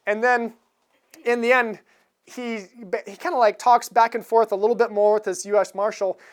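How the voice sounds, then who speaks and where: A woman's voice: on the high side, level tone, moderate pace, clear, resonant tone. A woman giving a sermon in a conversational manner, chuckling now and then as she tells stories. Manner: conversational, chuckles while retelling a film scene. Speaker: preacher.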